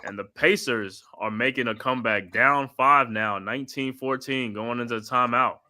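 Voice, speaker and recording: A man hosting a watch party stream, calling the game play by play in a steady running call with casual asides. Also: mid-range voice, normal speed. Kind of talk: live play-by-play commentary.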